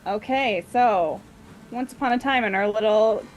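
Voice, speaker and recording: A woman's voice: mid-range voice, moderate pace. A woman casually recapping a tabletop game session, chatty and giggly, briefly acting out the party members' lines. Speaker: player recapping the previous session.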